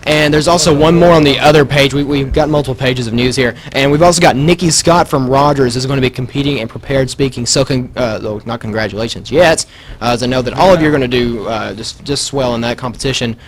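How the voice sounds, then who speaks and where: A student radio host in his teens or young adulthood, with a slight Southern US accent, runs a casual school radio show at a quick pace. He's animated, laughs often, and breaks into high, excited bursts.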